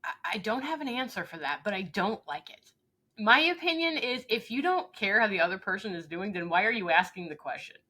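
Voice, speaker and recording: Woman coach being interviewed, bright punchy voice, earnest and emphatic. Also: mid-range voice, expressive, fairly quick. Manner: earnest, emphatic, acts out little dialogues. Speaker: leadership coach, guest. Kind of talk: interview conversation.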